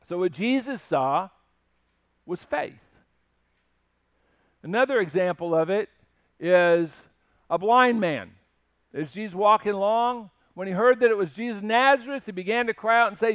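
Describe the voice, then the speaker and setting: A man's voice: high-pitched, normal speed, smooth, dry recording, lo-fi sound. A man preaching a conversational sermon, earnest and emphatic as he retells stories. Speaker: pastor.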